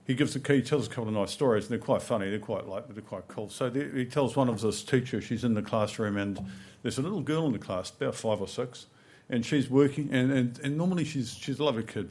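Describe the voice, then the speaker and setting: A man's voice: fairly low pitch, a little mellow, slightly rough. A middle-aged man, giving a conference talk in a conversational, anecdotal way, often checking in with "right?" and "you know". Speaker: conference speaker. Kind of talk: conference presentation. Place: conference hall.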